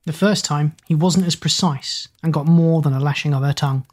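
Low, husky woman narrating a storybook. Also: steady tone, fairly quick, darkish tone. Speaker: audiobook narrator.

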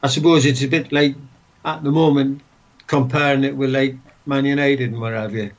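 A man's voice: mid-range voice, fairly even intonation, moderate pace, highs cut off. An older man, a former footballer, talks as a guest and retells old stories in a rambling way, with many restarts. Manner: rambling, many restarts and "what have you". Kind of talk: casual interview reminiscing.

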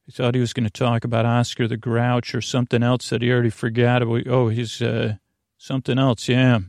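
A man hosting a sleep podcast, talking in a slow, meandering bedtime monologue that keeps drifting off topic and interrupting itself. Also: medium pitch, completely flat delivery, no room sound, studio quality. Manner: meandering, self-interrupting, soft-spoken.

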